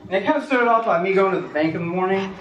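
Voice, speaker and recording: A man performing a stand-up comedy routine on a small stage, animated and jumping into squeaky voices for the people he quotes. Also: rapid-fire, highs cut off, a crowd in the background. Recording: echoey room from far off, noisy.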